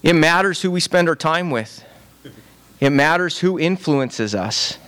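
A man's voice: on the high side, animated, a little slow, fairly bright tone, clear, resonant tone. A man preaching a sermon in a conversational, repetitive way, often checking in with "right?". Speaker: pastor.

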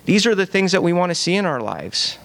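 A man's voice: high-pitched, sing-song, a little fast, gravelly, fairly bright tone. A man preaching a sermon in a conversational, repetitive way, often checking in with "right?". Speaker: pastor.

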